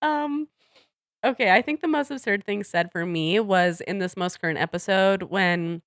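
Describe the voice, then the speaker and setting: A woman co-hosts a podcast, chatting casually, laughing often, and trailing off mid-thought. Her mid-range voice moves at a moderate pace. The recording is dry and studio quality.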